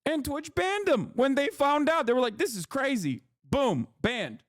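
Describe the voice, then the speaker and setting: A man with a very high-pitched voice hosts a stream and rants in casual commentary. He swears freely and mocks with open disbelief. The sound is close and dry, with no room echo. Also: big pitch swings, a little slow, a bit bright. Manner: profane, incredulous, mocking. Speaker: streamer host.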